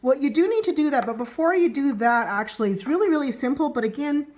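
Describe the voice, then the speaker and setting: Animated and quick, with a high-pitched yet slightly mellow voice, this tech vlogger chats her way through an at-home gadget unboxing and how-to demo. She rambles and keeps correcting herself while explaining each step into a handheld camera mic.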